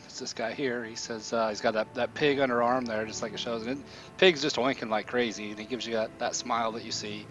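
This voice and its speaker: A man narrating as game master of a tabletop game, relaxed and pausing with fillers. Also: mid-range voice. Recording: dull lo-fi recording with faint music.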